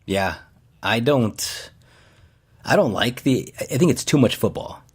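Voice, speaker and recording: A man's voice: medium pitch, animated, takes it slowly, breathy edge. A man co-hosting a podcast in casual chat, loose and jokey, laughing often as he reads through a list. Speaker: podcast co-host.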